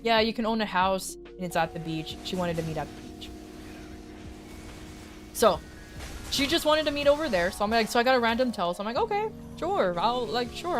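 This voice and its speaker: A woman streaming as a VTuber rambles through a self-mocking story for her chat, her pitch jumping high whenever she quotes someone. Faint music sits behind her.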